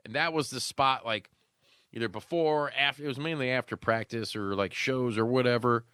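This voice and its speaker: A man's voice: mid-range voice, a little fast, clear, resonant tone, no echo. Male podcast co-host, mid-range voice, dry studio sound, rambling and foul-mouthed. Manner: rambling, profane, bursts into loud goofy shouts. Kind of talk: casual chat.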